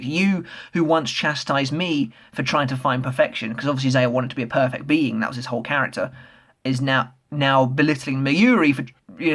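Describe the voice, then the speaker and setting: An excitable man talks through a comic chapter in a casual review. His voice sits a little higher than most men's, and he swears freely while filling his pauses with ums. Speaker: manga reviewer.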